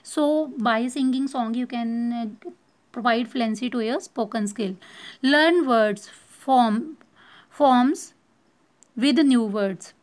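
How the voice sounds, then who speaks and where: A woman teaching a spoken lesson, explaining slowly and repeating points with many fillers. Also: fairly high pitch, darkish tone. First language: Hindi. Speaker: English teacher.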